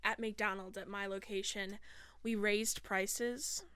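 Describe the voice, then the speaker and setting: A woman chatting casually on a podcast, laughing often and reacting quickly. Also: mid-range voice, steady tone, a bit bright, clear, resonant tone, no room sound. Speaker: podcast co-host. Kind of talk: casual chat.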